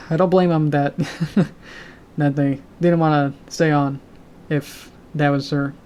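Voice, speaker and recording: A man chatting casually on his live stream about his animation projects, with a sore, tired throat, talking haltingly with fillers and soft laughs. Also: on the high side, steady tone. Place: home room with a loud heater. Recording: faint heater hum behind.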